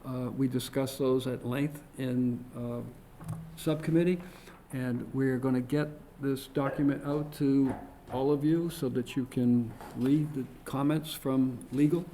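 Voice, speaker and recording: A man's voice: mid-range voice, fairly even intonation, a little slow, warm tone, a little hiss or hum, rough recording. A man chairing a town commission meeting, speaking with frequent ums and uhs. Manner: hesitant, many ums and uhs. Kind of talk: public meeting discussion. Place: meeting room.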